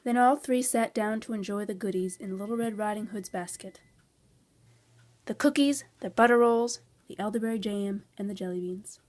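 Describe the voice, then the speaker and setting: A woman reading a children's storybook aloud in a calm, expressive narration. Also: mid-range voice, moderate pace. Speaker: storybook reader.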